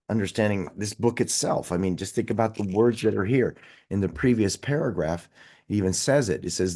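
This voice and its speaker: A man hosting a motivational study call over video, emphatic and repeating key phrases for stress, swinging between loud bursts and hushed asides. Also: lowish voice. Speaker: host of a daily study call. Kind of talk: motivational study-group teaching.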